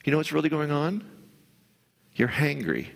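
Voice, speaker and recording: A male pastor giving a conversational sermon, now and then acting out the voice in your head in a higher, pushier tone. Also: sing-song, moderate pace, gravelly, long reverb tail. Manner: conversational, acts out inner voices in a raised pitch.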